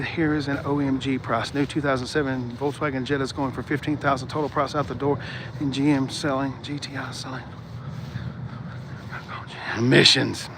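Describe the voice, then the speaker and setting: A man hosting a casual car-talk livestream, rambling and animated, reading out viewer comments and shouting when worked up. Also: mid-range voice, slight background noise. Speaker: livestream host reading chat.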